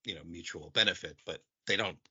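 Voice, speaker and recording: A man co-hosting a podcast with a very bright, tense, sharp tone. He explains in halting stretches, restarting and filling with "like", and the audio is dull and lo-fi. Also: low voice, breathy edge. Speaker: podcast co-host. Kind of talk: casual chat.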